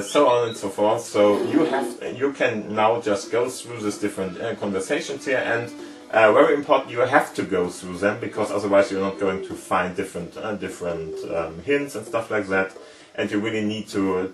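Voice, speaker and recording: A lower-voiced man talks through a point-and-click adventure, stopping often with "um" and "more or less" as he explains each button. He sits a bit back from the mic in an echoey room, and game music plays steadily behind him. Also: distant mic. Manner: loose, explanatory, lots of hedging fillers. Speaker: gaming channel host. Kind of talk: let's play commentary.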